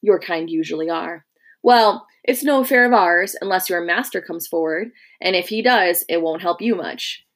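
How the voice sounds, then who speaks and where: A woman's voice: on the low side, normal speed. A woman reading aloud, voicing a stern, contemptuous Roman centurion who barks orders. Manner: barking commands, scornful.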